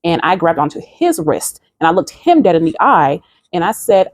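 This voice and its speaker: A woman's voice: on the low side, big pitch swings, moderate pace, no echo. A woman earnestly recounting a dream in a spiritual vlog and urging listeners toward faith. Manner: earnest, preachy exhortation. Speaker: video creator.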